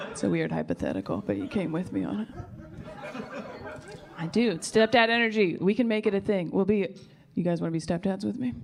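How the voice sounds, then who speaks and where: Male comic, playful crowd work, gravelly animated delivery, loud live audience. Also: high-pitched. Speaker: stand-up comedian. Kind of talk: stand-up set. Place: comedy club stage. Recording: live room with crowd laughter.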